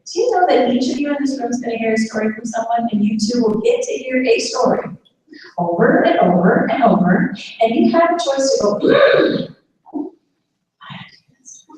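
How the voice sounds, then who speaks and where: A woman with a fairly high, expressive, slightly mellow voice speaks briskly at a live dementia caregiver workshop, drawing the audience in with questions. The sound is echoey, with a distant mic and faint noise.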